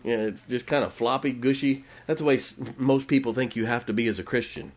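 A man's voice: mid-range voice, a little fast. A man preaching a conversational sermon in a folksy way, often laughing as he talks.

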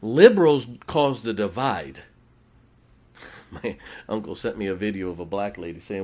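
A man's voice: fairly low pitch, lively intonation, measured pace, long pauses, a little mellow. A man preaching a conversational sermon in a folksy way, often laughing as he talks.

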